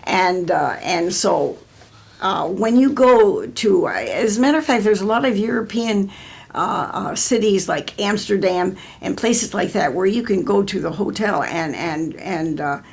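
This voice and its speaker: A woman's voice: mid-range voice, animated, measured pace, vocal fry, husky. An older American woman telling stories in an oral history interview, rambling with many restarts.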